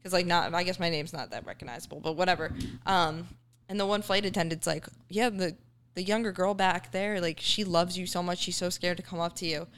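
A woman's voice: fairly low pitch, fairly even intonation, brisk, fairly bright tone, clean tone. A young woman, a fitness influencer, chatting candidly and casually on a podcast. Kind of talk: casual chat.

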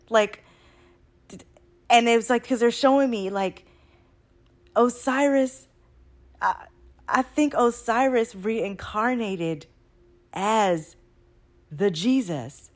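A woman talking at home at night in a rambling, excitable casual monologue, full of swearing and slang. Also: a little high, slow pace, long pauses. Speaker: spiritual channeler.

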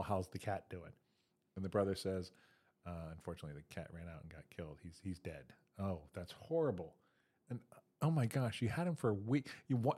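A man's voice: lowish voice, mellow. A man co-hosting a comedy podcast, chatting casually and telling dad jokes and long joke stories. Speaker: podcast co-host.

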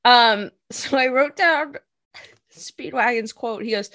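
A woman's voice: a little high, big pitch swings, slow, a bit bright, no echo. A woman co-hosting a podcast in casual chat, giggling often and acting out quotes in silly voices. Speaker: podcast co-host. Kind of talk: casual chat recapping an anime episode.

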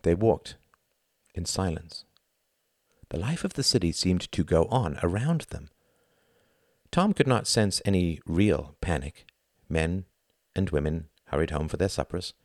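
A man narrating a novel in an even, measured storytelling manner. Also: low-pitched, no room sound, studio quality. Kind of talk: audiobook narration.

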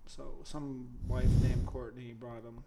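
A man co-hosting a sports podcast in casual chat, loose in manner, swearing now and then and dropping into quiet asides. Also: mid-range voice, little pitch movement, takes it slowly, creaky. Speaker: podcast co-host.

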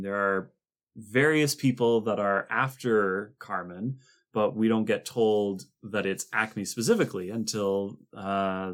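A man co-hosting a podcast, explaining details of a cartoon series in a chatty way, with frequent restarts. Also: on the low side. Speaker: podcast co-host. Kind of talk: casual discussion of a cartoon series.

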